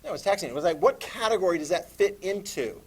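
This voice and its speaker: A man teaching a class, lively and animated, asking students questions as he lectures. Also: sits high, fast talker, husky.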